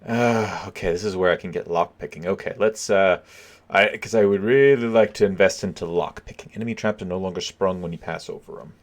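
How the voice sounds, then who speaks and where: A man giving relaxed, chuckling commentary while playing a video game for viewers. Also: low voice, fairly quick. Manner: laid-back, chuckling, talking to viewers. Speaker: let's play gamer. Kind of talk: casual gameplay commentary.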